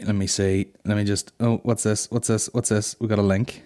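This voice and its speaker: A man's voice: lowish voice, flat delivery, moderate pace, dark tone. A man hosting a comedy podcast, rambling crudely with heavy swearing. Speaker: podcast host. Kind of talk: casual comedy podcast banter.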